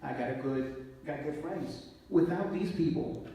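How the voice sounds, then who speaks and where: A police officer, talking emotionally and apologetically on a live panel. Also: male voice, a little high, warm tone. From the Bronx, New York. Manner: emotional, apologetic, rapid bursts. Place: event hall. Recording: echoey hall, distant mic, faint hiss.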